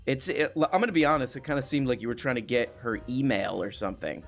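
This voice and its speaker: A man hosting a comedy call-in show as a deadpan straight man, calmly repeating back whatever his guest claims. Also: medium pitch, fast, faint music behind.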